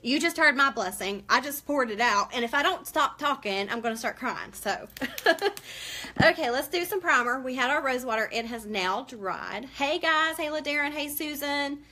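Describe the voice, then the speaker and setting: Bright, chatty woman on a live stream. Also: high-pitched, expressive, moderate pace, few pauses. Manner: chatty, emotional, greets viewers by name. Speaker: makeup seller hosting a live stream. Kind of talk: casual live-stream makeup tutorial.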